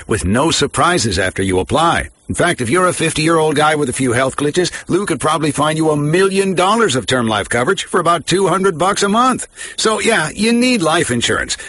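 Man, radio ad read, jokey salesman tone, raspy, high-ish voice. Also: fairly bright tone. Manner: chatty, jokey salesman pitch. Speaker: ad announcer.

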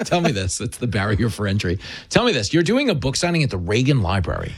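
Gravelly man hosting a studio interview. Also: fairly low pitch, huge pitch swings, no room sound. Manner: joking, rapid banter. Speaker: show host.

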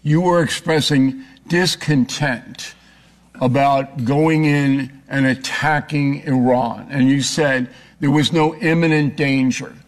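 A man making a forceful, argumentative case in a heated political debate, often cutting in. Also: mid-range voice, steady tone, slow. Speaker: political commentator.

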